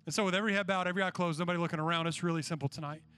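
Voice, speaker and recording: A man's voice: high voice, fairly even intonation, racing, pushed and bright, smooth, soft background music. A young man preaching a sermon to students, telling a personal story and then making an urgent appeal. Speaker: youth preacher.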